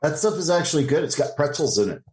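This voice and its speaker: A man's voice: on the high side, big pitch swings, fast talker, a little mellow. A man in casual chat, earnestly insisting on something.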